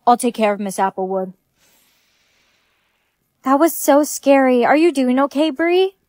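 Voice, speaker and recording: A young woman with a high voice acts out short comedy skits in a snappy, bossy manner. She is close on a phone mic in a dry room. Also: animated, a little slow, darkish tone, dry recording. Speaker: skit creator. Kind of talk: comedic skit acting.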